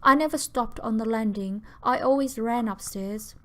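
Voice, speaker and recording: A woman's voice: fairly high pitch, normal speed, sharp tone. A woman voicing a weary grieving father who speaks in a restrained, clipped way. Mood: tense, guarded.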